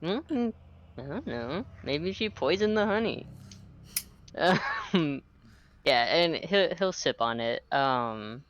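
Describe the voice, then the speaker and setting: A man with a smooth, clear voice, taking his turn in an online tabletop game. He jokes around and hesitates often, with plenty of ums. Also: fairly high pitch, lively intonation, takes it slowly, fairly bright tone, dull audio. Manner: joking, hesitant. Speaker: player. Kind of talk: tabletop role-play over video call.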